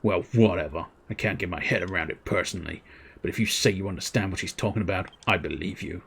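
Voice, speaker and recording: A man doing a gruff young fighter companion. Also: deep voice, quick pace, heavily acted. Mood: brooding. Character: hot-headed young male fighter companion.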